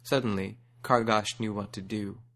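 A man narrating a storybook fable in a measured, rhythmic reading. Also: lowish voice, fairly even intonation, a bit bright.

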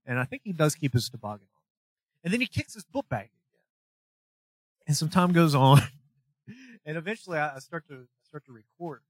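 A man's voice: a little high, animated, normal speed, long pauses, no room sound. A young man co-hosting a podcast, telling a long story in casual chat, rambling, swearing and laughing as he goes. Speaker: podcast co-host.

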